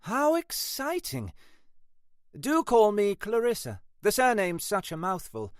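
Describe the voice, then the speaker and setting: A woman's voice: mid-range voice, huge pitch swings, slow, no room sound, clean studio sound, voice pushed up. A male narrator voicing a chatty, genteel British country wife who gushes over her guests and fusses over them. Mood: gushing. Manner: gushing, hospitable, fussing.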